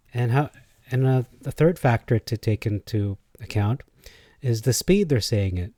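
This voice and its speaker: Guy talking thru a video explainer slow, kinda mellow, dry sound, lots of umms as he tests out sounds. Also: mid-range voice, animated, no room sound. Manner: thinks aloud, hesitant, trying out pronunciations. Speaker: video creator explaining biblical pronunciation. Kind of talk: casual spoken explainer.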